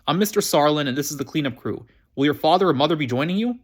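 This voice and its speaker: A man's voice: on the high side, animated, fast talker. A man voicing a cheerful adult cleanup leader in a storybook reading, friendly and upbeat.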